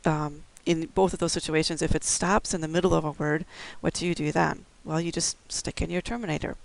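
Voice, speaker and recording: A man's voice: fairly high pitch, flat delivery, a little fast, creaky, no room sound, low-quality recording. A man giving a recorded instructional lecture, explaining things step by step with occasional fillers. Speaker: braille instructor.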